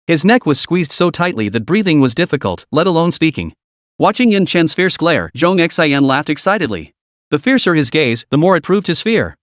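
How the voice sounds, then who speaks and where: A man with a slightly high voice narrates a dramatic story, his pitch lively and animated, at a moderate pace. The recording is dry and close, with no room sound.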